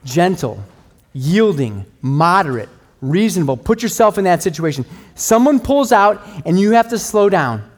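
A man's voice: high-pitched, sing-song, moderate pace. A middle-aged man preaching a sermon, telling stories about himself in a conversational, self-deprecating way. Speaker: pastor.

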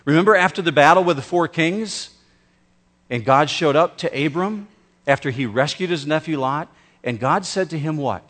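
A man preaching a sermon as pastor, slow and emphatic, with dramatic pauses. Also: on the high side, fairly bright tone.

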